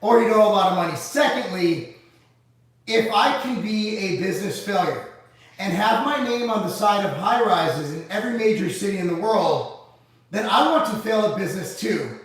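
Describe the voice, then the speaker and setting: A man's voice: high-pitched, lively intonation, moderate pace, heavy reverb, recorded from a distance. A man hosting a casual live Q&A, reading viewer comments aloud and answering them in a blunt, profane, sarcastic way.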